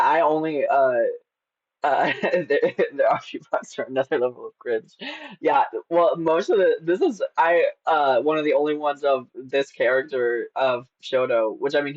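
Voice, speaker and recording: A man's voice: medium pitch, normal speed, dry recording. A man streaming casually and teasing a chatbot, playful and giggly. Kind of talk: casual live-stream chat. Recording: slightly dull lo-fi sound.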